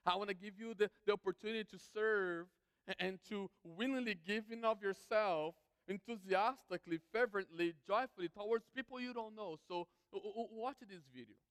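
A high, smooth-voiced man delivers an emphatic sermon, stacking lists and repeating key phrases. His voice rings with the long reverb of a large church hall. He speaks as the pastor to his congregation. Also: moderate pace, a bit bright.

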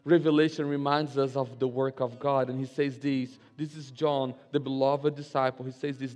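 A man preaching a sermon, telling a personal story and reading scripture with slow, emphatic delivery. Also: mid-range voice, level tone, darkish tone. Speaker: pastor. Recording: reverberant hall with faint music.

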